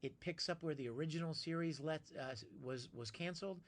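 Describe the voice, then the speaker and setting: A live streamer with a fairly high voice talks quickly as he reads chat, greeting viewers by name and promoting his projects. The stream is casual, and he comes across as chatty and friendly.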